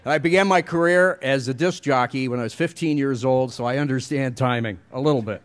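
A man's voice: mid-range voice, a little fast. A middle-aged man giving a commencement speech, telling wry, self-deprecating stories at a podium mic. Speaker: commencement speaker.

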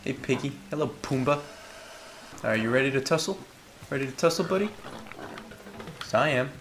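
A man doing let's play commentary, excitable and prone to yelling reactions and silly caveman talk. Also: mid-range voice, normal speed, a little hiss or hum. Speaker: gaming video creator. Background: game music.

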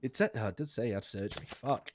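A man giving live commentary on a game he is playing, jokey and sweary, laughing often, with sudden high squeaks of outrage. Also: fast talker, a little hiss or hum. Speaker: streamer.

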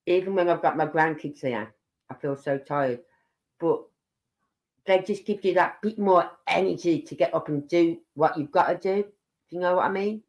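An older host from Birmingham, England, runs a livestream, talking at a moderate pace in an ordinary middle-pitched voice. The chat is long and rambling, hopping between topics while repeatedly speaking directly to the audience.

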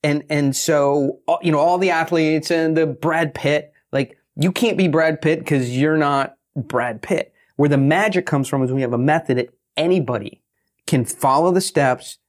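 Man, interview guest, animated storyteller, acts out quotes, higher voice. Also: moderate pace. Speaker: guest, pitching author.

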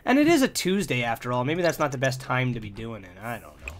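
A man commentating a life-sim game, getting exasperated and shouting insults at the characters. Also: medium pitch, big pitch swings, brisk, faint music behind. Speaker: gameplay commentator. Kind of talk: let's play commentary.

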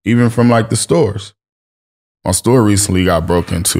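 Male podcast guest, low-pitched, relaxed slangy storyteller. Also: moderate pace. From Los Angeles. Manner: laid-back storytelling, heavy slang and swearing. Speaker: podcast guest, streetwear brand owner. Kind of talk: casual chat.

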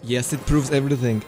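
A man streaming a card game, chatting excitedly to himself and often jumping into squeaky high exclamations. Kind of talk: casual gameplay commentary.

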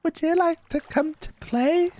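A man's voice: measured pace, darkish tone. A man doing a sweet, innocent little child. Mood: sugary. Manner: high sing-song greeting voice.

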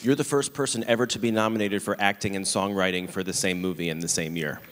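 A man from New York moderating an onstage interview, asking measured questions. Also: deep voice, fairly even intonation. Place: large theater stage. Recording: long hall reverb.

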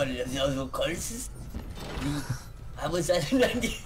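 A man hosting a let's play, with a slightly high, bouncy voice, giggling and riffing on silly jokes. Faint noise sits behind his voice. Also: sing-song, takes it slowly. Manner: goofy, giggly, rambling jokes.

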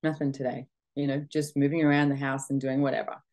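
A middle-aged woman from Australia hosting a podcast, giving a motivational talk to an audience in a chatty, animated way full of quoted self-talk. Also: rumbling low, quick pace. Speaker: podcast host.

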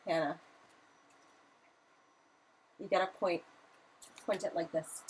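A woman's voice: on the low side, takes it slowly, long pauses, husky, poor audio. A woman in her thirties hosting a live craft tutorial, chatty and a little flustered, apologizing often as she works. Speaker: craft demonstrator.

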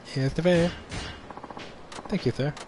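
A man's voice: fairly high pitch, takes it slowly, darkish tone, a little hiss or hum. A young man streaming a game, reading its dialogue aloud playfully and commenting between lines with laughs.

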